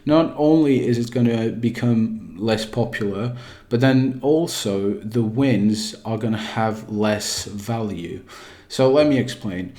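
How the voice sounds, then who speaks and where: Lowish man in a put-on British accent. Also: takes it slowly, mellow. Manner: rambling, hesitant, frequent restarts. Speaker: gaming YouTuber. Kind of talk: casual commentary over gameplay footage.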